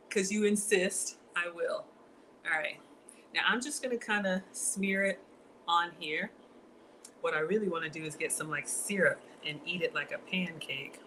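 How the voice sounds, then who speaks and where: A woman's voice: on the low side, sharp tone. Woman home-cook vlogger, casual y'all chatter, noisy kitchen. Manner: chatty, addresses viewers as y'all. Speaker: cooking vlogger. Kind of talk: casual cooking demonstration.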